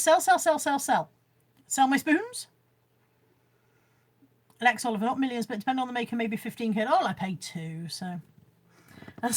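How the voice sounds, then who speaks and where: A middle-aged woman with a Bristolian accent, chatting casually on a livestream, reading viewer comments aloud and poking fun at herself. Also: a little high. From Bristol, England. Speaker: livestream host selling boot sale finds. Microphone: phone camera.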